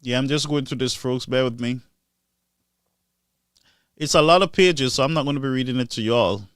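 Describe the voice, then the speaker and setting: Man, political commentator, animated, mocking, raised voice, dry recording. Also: normal speed, smooth, dry recording. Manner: animated, mocking, swings between loud outbursts and low asides. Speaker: live-stream political commentator.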